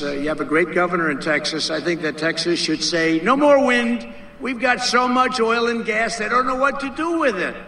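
A man's voice: high-pitched, sharp tone, a little hiss or hum. Rambling man giving a rally speech. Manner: rambling, repetitive, with emphatic asides. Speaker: political speaker. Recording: roomy, heard from a distance.

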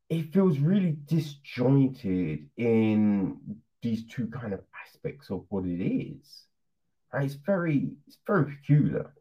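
Animated man reviewing a film. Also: on the high side. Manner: animated, laughing, swearing, rhetorical asides. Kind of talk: casual film review vlog. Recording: dull lo-fi recording.

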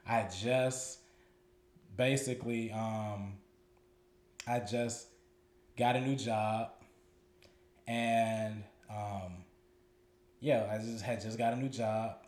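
A man's voice: lowish voice, fairly even intonation, drawn-out words, pauses often, darkish tone. A man, co-hosting a podcast and telling a personal story in a loose, profane way, repeating words as he gathers his thoughts. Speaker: podcast co-host. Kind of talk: candid storytelling chat. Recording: roomy echoey room.

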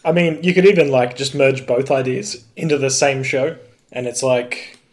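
A man in casual chat, eagerly pitching ideas with a dark sense of humor. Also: moderate pace.

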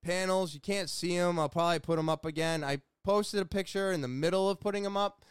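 A man's voice: high-pitched, steady tone, fairly quick, clean tone, no echo, clean studio sound. Earnest rambling New man. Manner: rambling, earnest, self-deprecating. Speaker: vlogger. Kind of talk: casual chat. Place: small home room with sound panels.

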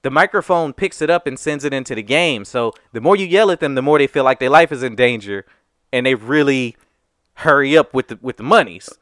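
A man telling a story in casual chat on a podcast. He is animated and profane, and he acts out the other people's voices. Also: medium pitch, brisk, no echo, clean studio sound.

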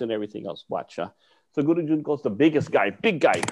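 A man's voice: brisk, creaky, muffled recording. A man, a martial arts teacher, telling a story in conversation and acting out the voices of people he quotes. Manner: lively, acts out quotes with swings in pitch and volume.

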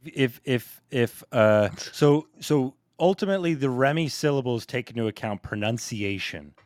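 A man's voice: mid-range voice, expressive, moderate pace, a little mellow, dry recording, studio quality. A man co-hosting a podcast in casual chat, pressing the others with quizzical questions. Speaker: podcast co-host.

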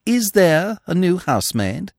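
A man reading a story voices a suave, verbose young gentleman with a florid, ironic manner. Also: high-pitched, big pitch swings, measured pace, no echo, studio quality, pitched above the performer's own voice, exaggerated voice. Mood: urbane.

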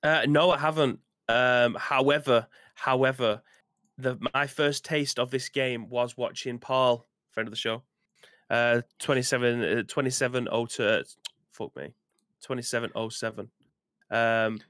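A man's voice: medium pitch, measured pace, fairly bright tone, dry recording, studio quality. A young man co-hosting a casual gaming podcast, talking in a rambling, hesitant way. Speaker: podcast co-host. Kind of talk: casual chat.

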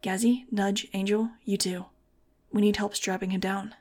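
Woman reading a flat, quiet young man. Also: medium pitch, moderate pace, natural voice.

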